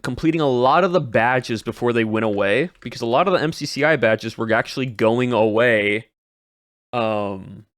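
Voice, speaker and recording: A man's voice: mid-range voice, a bit bright, no echo, studio quality. A male streamer chatting casually to his chat as he recaps the year, rambling and repeating words. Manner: rambling, repeats words, trails off mid-sentence.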